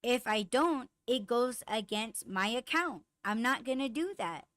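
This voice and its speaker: A woman's voice: fairly high pitch, a little slow, no room sound. A young adult woman hosting a podcast, telling a heated work story in casual chat, full of swearing, fillers and quoted dialogue. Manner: profane, animated, lots of fillers and quoted dialogue. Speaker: podcast host.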